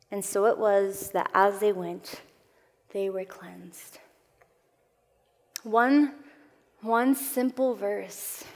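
Earnest woman preaching in a reverberant hall. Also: medium pitch. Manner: earnest, expressive preaching with emphatic swells and soft drops. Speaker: Bible teacher at a women's gathering. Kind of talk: sermon.

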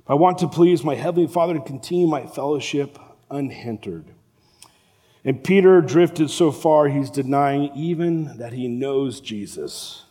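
A man preaching a sermon as a pastor, animated and acting out the voices of the people in the story. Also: fairly high pitch, unhurried. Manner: animated, acts out the quoted voices. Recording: long reverb of a large hall.

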